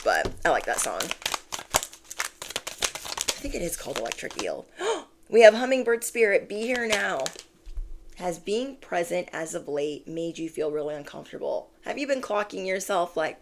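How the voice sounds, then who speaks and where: Gravelly-voiced woman giving a tarot reading. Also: fairly low pitch, slight background noise. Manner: animated, drawn-out emphatic phrases, acts out quoted reactions; shuffles and slams cards while talking. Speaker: tarot reader.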